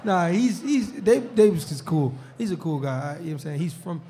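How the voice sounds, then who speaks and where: A male pro football player, guest-hosting a live podcast show in a restaurant, chats casually with frequent laughter and the filler "you know what I'm saying." His high voice is expressive and mellow, moving a little fast.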